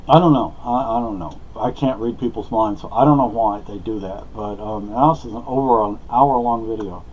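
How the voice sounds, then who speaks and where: A man's voice: fairly low pitch, normal speed, a little mellow, lo-fi sound, slight background noise. A man talking casually to camera in a rambling, hesitant way, full of fillers and restarts. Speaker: vlogger.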